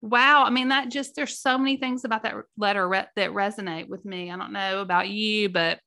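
A woman's voice: mid-range voice, steady tone, fairly quick, pushed and bright. A middle-aged woman hosting a casual chat with her viewers, folksy, openly emotional and easily choked up. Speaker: host.

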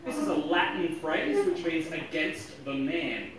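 A man giving a joking, lively talk on logic to a live audience, often chuckling at his own jokes. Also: on the high side, unhurried, slight background noise. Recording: echoey hall, distant mic.

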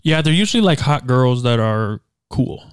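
A man's voice: medium pitch, animated, moderate pace, smooth, no room sound, clean studio sound. A young man teasing and cracking jokes in casual chat as a podcast co-host. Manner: teasing, wisecracking.

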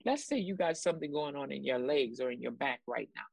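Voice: mid-range voice, lively intonation, a little fast, vocal fry, darkish tone, no room sound, low-quality recording. A minister teaching a Bible lesson, repeating key points and acting out quotes to the listeners. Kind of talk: sermon-style Bible lesson.

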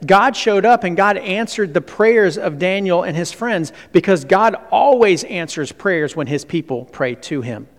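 A man's voice: high-pitched, a little slow, hardly any pauses. Male pastor preaching in a reverberant hall. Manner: animated preaching with sudden drops to a hush; asks the audience questions. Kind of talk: sermon. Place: hall with an audience.

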